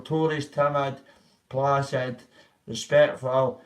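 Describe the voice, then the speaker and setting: A man's voice: mid-range voice, fairly even intonation, takes it slowly, pauses often, soft background music. A man telling a story to his livestream viewers in a rambling, profane way, acting out what others said. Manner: rambling, profane, acts out quoted voices. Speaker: vlogger. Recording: voice a bit far from the mic.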